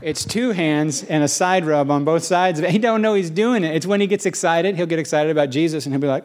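Middle-aged male pastor, preaches in a raised register, animated, leans hard on key phrases. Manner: animated, rising to high questioning bursts; slows for emphasis on key phrases. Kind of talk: sermon.

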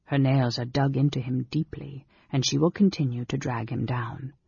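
Dalamar, a man voicing a sly, cool dark elf. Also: mid-range voice, steady tone, normal speed, gravelly, slight background noise, lightly acted. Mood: sly, calm. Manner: coolly offhand, knowing. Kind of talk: audiobook character reading. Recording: dull lo-fi recording.

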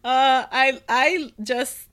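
A woman co-hosting a podcast, chatting casually, slangy and quick to laugh. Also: high voice, fairly even intonation, a bit bright, clean tone. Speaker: podcast co-host. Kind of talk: casual chat.

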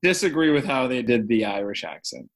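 A man's voice: mid-range voice, sing-song, a little fast. A man co-hosting a casual podcast, easygoing and hedging, laughing often. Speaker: podcast co-host. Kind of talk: casual chat.

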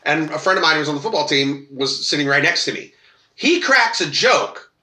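Animated, bright-voiced man telling a story. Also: a little high, brisk, reverberant. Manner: animated storyteller, acts out quoted voices, swears freely. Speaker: podcast co-host. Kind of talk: casual storytelling chat.

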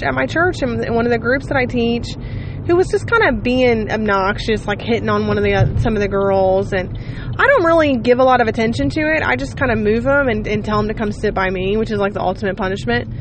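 A woman in her thirties or forties with a fairly high voice hosts a casual podcast monologue. She talks loosely and with exasperation, full of fillers and asides. A steady vehicle hum runs clearly behind her. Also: moderate pace. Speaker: podcast host, mother.

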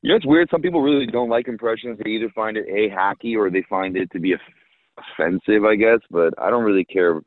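A man born in the United States in a casual chat, talking in a relaxed, joking way and trailing off with fillers. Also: on the low side, fast talker, no echo, phone-quality sound.

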